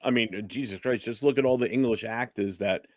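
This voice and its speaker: Guy from the states cohosting a stream, rambly, lots of you know, low voice, dry sound. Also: brisk, darkish tone, dry recording. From United States. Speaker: co-host. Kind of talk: casual livestream chat.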